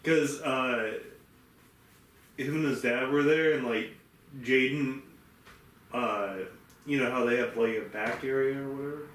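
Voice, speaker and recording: A man's voice: mid-range voice, a little slow, pauses often, fairly bright tone. A man co-hosting a casual podcast, telling a story with lots of fillers and restarts. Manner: rambling, many fillers and restarts, acts out quoted people. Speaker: podcast co-host. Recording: roomy, from far off the mic, faint hiss.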